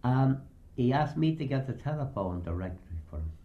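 A man's voice: mid-range voice, big pitch swings, a little fast, lo-fi sound. An older man recounting anecdotes in a rambling, anecdotal way, acting out the voices of the people he quotes. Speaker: storyteller. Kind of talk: oral history reminiscence.

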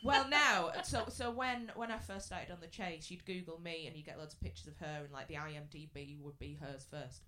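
A woman's voice: low voice, a little fast, hardly any pauses, sharp tone. A woman chatting and telling anecdotes as a regular player on a live comedy panel show. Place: live stage venue.

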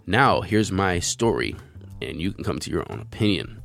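Low-voiced man hosting crypto news. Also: sing-song, moderate pace, gravelly, a bit bright, soft background music. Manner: conversational, reading articles aloud then giving opinions. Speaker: news show host.

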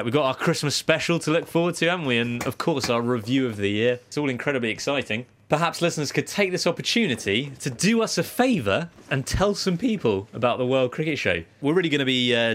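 A man's voice: medium pitch, a bit bright. A man hosting a casual cricket podcast in a dry, teasing way, laughing often. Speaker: podcast host.

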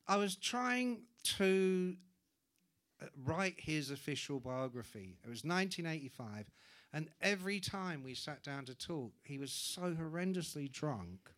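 A man's voice: fairly high pitch, a little slow. A man, hosting a live podcast and telling an anecdote with lots of swearing and acted-out voices. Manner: animated storyteller, swears freely, acts out voices. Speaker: podcast host.

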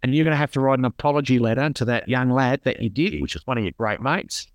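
A man's voice: medium pitch, quick pace, no room sound, dull audio. A middle-aged man with an Australian accent, a podcast guest telling stories in an earnest, rambling way. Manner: earnest storytelling, repeats himself. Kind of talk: casual conversation.

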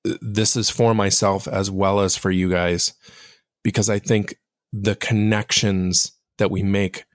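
A man hosting a casual solo podcast, speaking directly to his listeners in a reflective, self-deprecating way, with a fairly monotone voice. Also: on the low side, slow pace, no room sound, clean studio sound. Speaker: podcast host.

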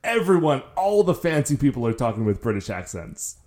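A man's voice: medium pitch, fairly quick. A man co-hosting a casual podcast, telling a story with a lot of stammering restarts. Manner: animated, stammering restarts when excited. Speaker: podcast co-host.

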